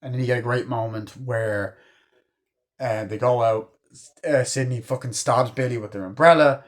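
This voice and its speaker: Male fan reviewer, casual and excitable, rambly delivery, swears a lot. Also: medium pitch, normal speed. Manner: rambling, profane, lots of fillers like "you know" and "like"; enthusiastic fan. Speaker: movie reviewer. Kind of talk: casual spoken film review.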